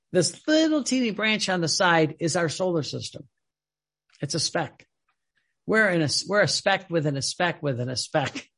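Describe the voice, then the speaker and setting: A man delivers an impassioned sermon in a high, gravelly voice with a husky edge. He swings between loud emphatic phrases and hushed drops, often repeating words as he presses his point. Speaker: preacher.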